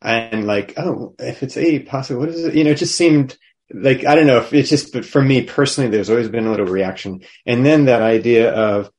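A man's voice: mid-range voice, fairly quick, a little mellow. A man taking part in a casual group discussion, reflective and hesitant. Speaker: discussion participant.

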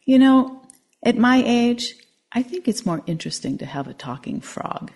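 A woman's voice: on the high side, sing-song, moderate pace, darkish tone, pitched above the performer's own voice. A woman voicing a wry older man in a story she tells.

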